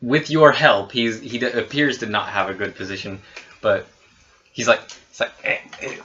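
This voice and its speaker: Game master, male, medium pitch, halting read-aloud delivery, dull lo-fi audio. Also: sharp tone. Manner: reads scene descriptions with hesitant restarts. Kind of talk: narrating a tabletop game. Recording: dull lo-fi recording.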